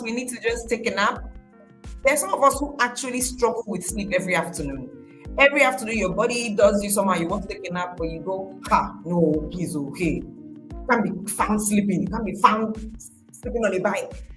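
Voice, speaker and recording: A woman's voice: on the high side, fairly quick, a bit bright, soft background music, low-quality recording. A woman giving a casual motivational talk, speaking conversationally, repeating her phrases and acting out quoted voices.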